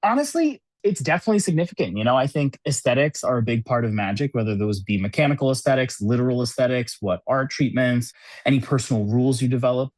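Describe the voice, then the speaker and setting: An expressive, fast-talking man with a mid-range voice speaks with no echo. He's a podcast guest and cube designer from the US, laughing frequently in a casual New York City interview and sprinkling in "like" and "you know."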